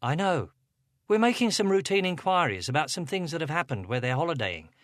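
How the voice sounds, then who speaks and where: A man voicing a polite young woman police detective who asks brisk, courteous questions. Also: low-pitched, sing-song, dry recording, clean studio sound, pitched above the performer's own voice.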